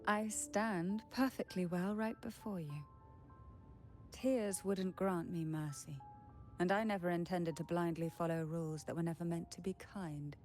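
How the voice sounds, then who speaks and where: An actress voicing a cool, composed young woman in a game, speaking in a slow, low and measured way. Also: fairly even intonation, a little mellow, faint music behind, natural voice. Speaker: game character. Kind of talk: voiced game dialogue.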